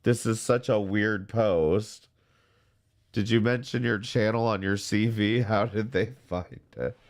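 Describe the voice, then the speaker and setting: A man hosting a commentary show, talking in a sarcastic, deadpan way. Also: lowish voice, a little slow. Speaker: commentary channel host. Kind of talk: casual mocking commentary.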